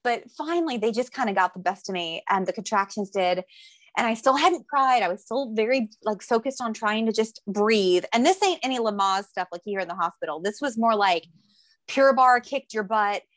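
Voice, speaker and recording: A young woman telling a story in a casual chat, lively and jokey, acting out the voices she quotes. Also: mid-range voice, moderate pace, no room sound. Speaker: guest telling her birth story.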